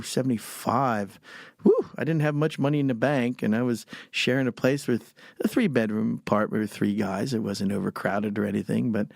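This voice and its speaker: A man's voice: medium pitch, gravelly, darkish tone, no echo, studio quality. A man in his sixties from Pennsylvania, a podcast guest telling rambling anecdotes with frequent chuckles. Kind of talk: casual storytelling.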